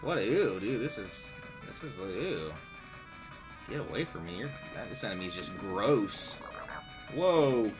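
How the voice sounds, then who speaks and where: Man, game streamer, casual rambling chat, swears a lot, lively pitch, game music behind. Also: slow. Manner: rambling, profane, laid-back.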